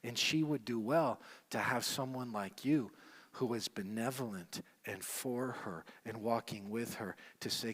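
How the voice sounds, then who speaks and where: A man delivers sermon-style teaching at an ordinary pitch. He hammers his points through repetition and moves between soft, close asides and loud, ringing emphasis. His voice carries a long reverb from a large hall. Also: a little slow, slightly rough. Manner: emphatic, repeats key phrases, swings from hushed to loud. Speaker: men's ministry teacher.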